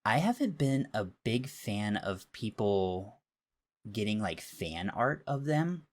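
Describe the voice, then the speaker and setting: A man in his thirties, co-hosting a podcast, airing strong opinions in animated casual rants. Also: lowish voice, takes it slowly. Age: 30s. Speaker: podcast co-host. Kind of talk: casual chat.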